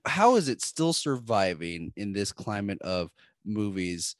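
A man's voice: lowish voice, sing-song, measured pace, no room sound, clean studio sound. A man co-hosting a podcast in casual chat, playful and teasing. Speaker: podcast co-host.

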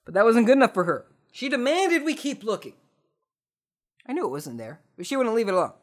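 A young man hosting a podcast, telling comic stories and ranting sarcastically, swearing freely and jumping from mutters to loud outbursts. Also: extremely high pitch, very animated, brisk. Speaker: podcast host. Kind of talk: comedic storytelling rant.

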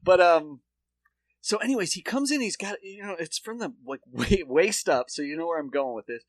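A man co-hosting a comedy podcast, his voice a touch higher than most and swinging widely as he acts out a story. He swears freely and breaks into laughter often. The sound is close and dry. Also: animated, brisk, no room sound. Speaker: podcast co-host. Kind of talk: casual comedic chat.

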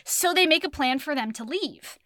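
A woman's voice: sits high, lively intonation, moderate pace, pushed and bright, no room sound, studio quality. A young woman co-hosting a casual book chat, swearing freely and acting out the characters she quotes. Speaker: podcast co-host.

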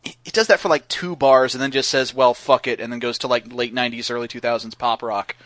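A man's voice: mid-range voice, steady tone, fast, a bit bright, dry recording. A man chatting casually on a podcast, rambling with lots of fillers and restarts. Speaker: podcast guest co-host.

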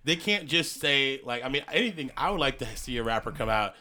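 A man's voice: medium pitch, animated, fairly quick, over a noisy crowd. A slightly drunk man co-hosting a podcast in casual chat, rambling, swearing freely and restarting his sentences. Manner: rambling, profane, trails off and restarts. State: a little drunk. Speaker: podcast co-host.

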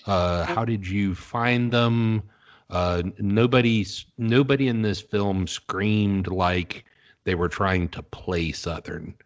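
Deep-voiced chatty man in his fifties. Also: slow. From American South. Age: 50s. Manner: chatty, opinionated. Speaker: podcast host. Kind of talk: casual interview chat.

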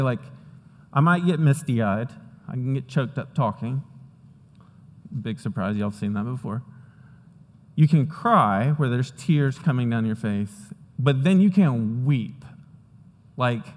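A pastor giving a sermon in a conversational way, often checking in with "right?" and "okay?". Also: male voice, mid-range voice, a little mellow, long reverb tail.

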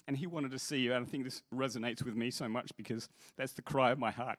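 A man's voice: medium pitch, fairly even intonation, fast talker, few pauses, a bit bright, dry recording, studio quality. A man speaking as a worship leader, giving an earnest sermon-style talk that stumbles over restarts and then rises into emphatic quoted scripture.

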